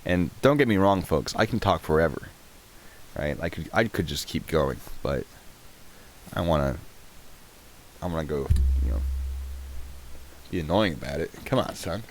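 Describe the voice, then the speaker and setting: A man's voice: extremely low pitch, animated, moderate pace, pauses often, a little hiss or hum. A man in his thirties hosting a live stream, chatting casually and rambling while answering chat questions.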